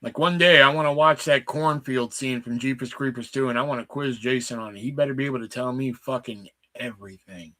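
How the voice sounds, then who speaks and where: Bright-voiced man joking through trivia. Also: medium pitch, brisk, hardly any pauses. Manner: swears freely, joking banter. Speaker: streamer hosting a trivia night. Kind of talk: casual chat over a trivia game.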